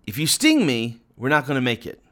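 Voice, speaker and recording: A man's voice: mid-range voice, wildly swooping pitch, fairly quick, fairly bright tone. A man voicing a wary, anxious frog in a spoken fable. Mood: cautious.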